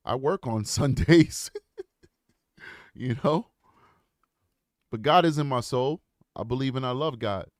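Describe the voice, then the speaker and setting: A man's voice: medium pitch, takes it slowly, pauses often, no echo, clean studio sound. A man hosting his own channel, telling a personal story and commenting in an earnest, reflective way that builds to impassioned rhetorical questions. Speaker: channel host.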